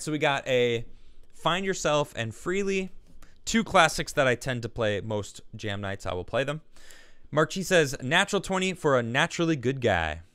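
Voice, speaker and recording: A man's voice: fairly high pitch, fairly bright tone, clean tone, no echo. A man hosting a live stream, chatting casually and reading viewer messages aloud, laughing easily and restarting his sentences. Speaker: livestream show host.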